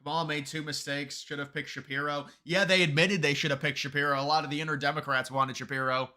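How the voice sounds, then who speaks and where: Bright-voiced, heated male live streamer. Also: on the high side, steady tone, fast talker. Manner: argumentative, gets heated and emphatic; restarts and repeats words often. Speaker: live streamer reading viewer chat. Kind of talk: political live-stream commentary.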